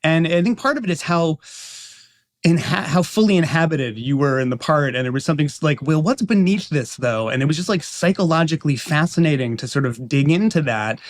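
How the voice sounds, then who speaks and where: A man's voice: a little high, fairly quick. A man co-hosting a podcast who talks earnestly and analytically, restarting often. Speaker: podcast co-host, former writer. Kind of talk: casual podcast chat.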